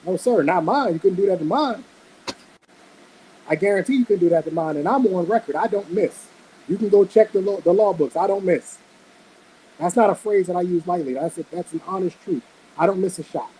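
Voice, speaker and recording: A man's voice: high-pitched, a little fast, mellow, a little hiss or hum, poor audio. A man in his forties giving blunt, emphatic opinions as a panelist in a casual podcast debate.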